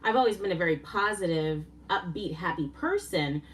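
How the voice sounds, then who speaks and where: A woman hosting a casual live stream, excitable and a little winded, laughing often and gushing with thanks. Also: lowish voice, moderate pace, recorded from a distance, slight background noise. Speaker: livestream host.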